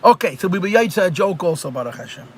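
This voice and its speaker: A rabbi teaches a live online Chassidus class through a computer mic on a video call, speaking conversationally and repeating phrases for emphasis. His voice is high with lively intonation and a quick pace, and there's slight background noise.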